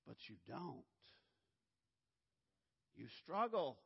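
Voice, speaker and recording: A man preaching a sermon as pastor, swinging from hushed low lines to loud, urgent emphasis. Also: sing-song, drawn-out words, vocal fry, breathy edge. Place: church sanctuary. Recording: dull lo-fi sound, long hall reverb.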